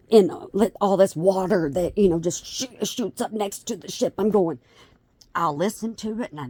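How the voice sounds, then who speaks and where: A woman's voice: on the low side, dark tone, husky. A middle-aged woman, rambling through a casual vlog with many restarts and self-deprecating asides. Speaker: vlogger.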